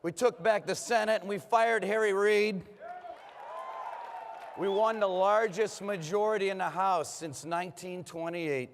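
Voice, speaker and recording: A man giving a rousing political conference speech from a podium, his voice hoarse from overuse, with punchy applause lines. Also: high voice, measured pace, slight background noise. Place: large conference hall. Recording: long reverb of a big hall.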